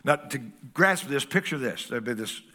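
Man in his sixties, pastor, folksy storytelling sermon, bright tense voice. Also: mid-range voice, lively intonation, normal speed.

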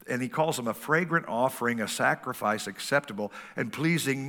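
Man in his sixties, pastor, folksy storytelling sermon, bright tense voice. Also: medium pitch, fairly quick.

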